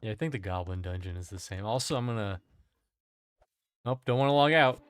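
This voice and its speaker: A man's voice: on the low side, animated, a little fast, clear, resonant tone. Man joking through casual game commentary. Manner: joking, profane, rambling. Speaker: game streamer.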